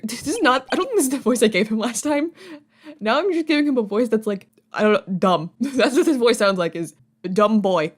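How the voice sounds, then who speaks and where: A woman's voice: on the high side, animated, fairly quick. A woman hosting a let's play, chatting and giggling as she reads a game aloud.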